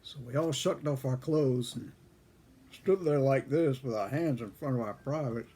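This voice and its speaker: An older man, a former airman, telling a story from his own past in a casual, folksy way, chuckling and clearing his throat now and then. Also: medium pitch, normal speed, warm tone. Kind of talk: casual spoken memoir storytelling.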